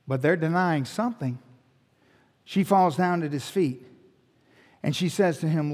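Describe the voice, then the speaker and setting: A man's voice: fairly high pitch, a little slow, long pauses, a little mellow, in a large hall. A male pastor preaching a sermon in a conversational teaching manner, asking rhetorical questions and restarting phrases. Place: church sanctuary.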